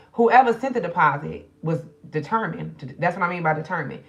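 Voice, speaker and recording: A middle-aged woman speaks in a low voice. She chats loosely and directly to the viewers of her livestream. She is grieving and subdued. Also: a little fast, lo-fi sound. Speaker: spiritual reader streaming live. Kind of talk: casual livestream chat.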